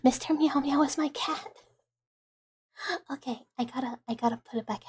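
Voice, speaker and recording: Breathy, slightly high woman for a whispered role-play, rambling and filler-heavy, close mic. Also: moderate pace, no echo. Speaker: ASMR streamer.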